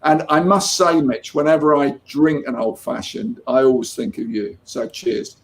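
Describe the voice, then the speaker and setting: With a medium-pitched voice and moderate pace, an English man who works as a comics artist talks casually as an interview guest. He's a chatty storyteller who keeps restarting his sentences.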